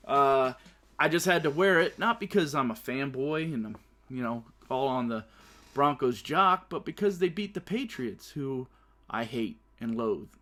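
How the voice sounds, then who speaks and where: A man's voice: mid-range voice, fairly bright tone. A man hosting his own casual talk show, brash and profane, often laughing through his stories. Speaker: podcast host. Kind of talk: casual solo show commentary.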